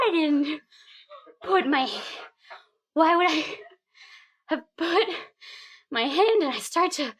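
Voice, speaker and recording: A woman tells a true story aloud with lots of animation, her voice already high and jumping higher still as the tension builds. She repeats phrases for rhythm and pushes the pace when things get tense. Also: fairly bright tone. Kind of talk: live personal storytelling.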